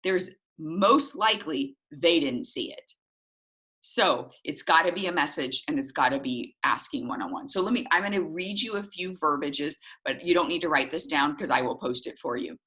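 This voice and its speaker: Woman, middle-aged, low voice, lively sales coach who acts out dialogues. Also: moderate pace. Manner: animated, acts out little dialogues with jumps in pitch. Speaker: sales team leader. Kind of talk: coaching talk to a sales team.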